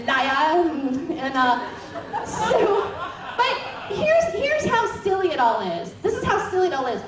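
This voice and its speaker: A woman comedian spins an animated, giggly story, stuffed with fillers and sound effects. Her voice sits very high, and the mic catches her from a distance in a roomy space. A crowd murmurs behind her. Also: takes it slowly, very noisy. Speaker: comedian guest. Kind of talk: comic storytelling.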